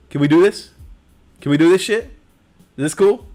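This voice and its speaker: A man's voice: fairly high pitch, normal speed, a little mellow. A man hosting a casual livestream, talking in loose, profane, rambling banter. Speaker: livestream host.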